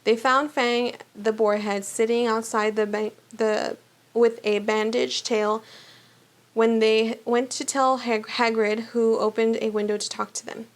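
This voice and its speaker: Lady reading a kids' book out loud for a book club, a bit high-pitched, stumbles now and then. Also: level tone, measured pace. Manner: plain reading with small slips and restarts. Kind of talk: reading a children's book aloud.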